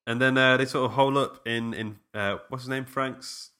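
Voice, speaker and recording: A man's voice: medium pitch, fairly even intonation, moderate pace, bright, forceful tone, clean tone. A man co-hosting a casual film podcast, rambling with many fillers. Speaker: podcast co-host.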